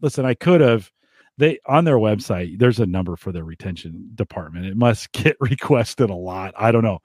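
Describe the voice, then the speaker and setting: A man's voice: on the low side, expressive, normal speed, darkish tone, dry recording, studio quality. An American man hosting a gadget podcast in casual chat, chatty and laughing often, with many restarts. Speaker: podcast host.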